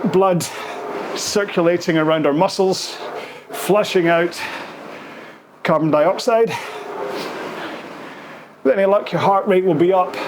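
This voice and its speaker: Breathless male rowing coach, noisy backdrop. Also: high voice. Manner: encouraging, counts strokes aloud while rowing. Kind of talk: follow-along workout coaching.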